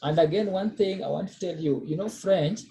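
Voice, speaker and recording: A man's voice: sits high, a little fast, creaky, dark tone, slight background noise. A man tutoring a student in French one on one, patient, repeating words and checking with "okay?". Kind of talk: one-on-one language lesson.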